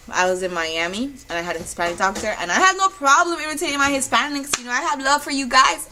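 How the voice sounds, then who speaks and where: A young woman telling her personal story in a candid, animated way, swinging from loud bursts to hushed moments. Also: fairly high pitch, quick pace, hardly any pauses, rough recording. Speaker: vlogger.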